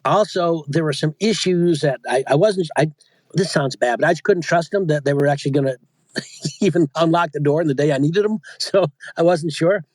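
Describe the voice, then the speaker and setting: Chatty man with a rambling, higher voice. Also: normal speed, darkish tone, dry recording. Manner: rambling, self-interrupting, chatty. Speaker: audiobook narrator and coach, guest. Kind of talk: casual interview chat.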